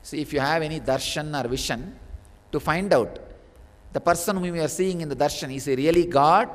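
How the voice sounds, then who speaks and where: A man's voice: fairly high pitch, a little fast. A man giving a spiritual discourse as a teacher, telling a story with sudden bursts of emphasis. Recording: long reverb of a large hall.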